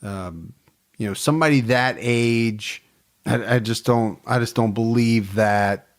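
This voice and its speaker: A man hosting a true crime podcast in casual chat, talking things through and quick to laugh. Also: medium pitch. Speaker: podcast host.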